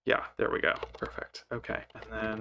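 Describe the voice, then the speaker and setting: A man's voice: on the low side, monotone, moderate pace, creaky, pushed and bright, muffled recording, slight background noise. A man working through code while thinking aloud, hesitant and self-correcting, muttering to himself and sounding sleepy. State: sleepy, yawning. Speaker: programmer live coding.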